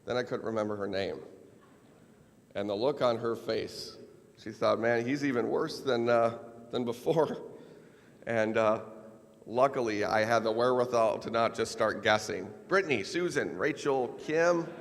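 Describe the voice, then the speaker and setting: A man's voice: fairly low pitch, steady tone, a little slow, gravelly. A man from Minnesota giving a keynote speech, telling a personal story with wry, self-deprecating humor. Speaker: keynote speaker. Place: large event hall. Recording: long hall reverb.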